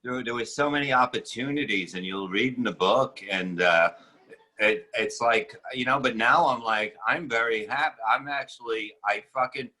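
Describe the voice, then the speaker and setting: A man spins crude, rambling anecdotes on a podcast, stopping and restarting as he goes. His voice is bright and ringing, sitting in a middle pitch. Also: normal speed, low-quality recording. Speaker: comedian guest. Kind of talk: casual podcast banter.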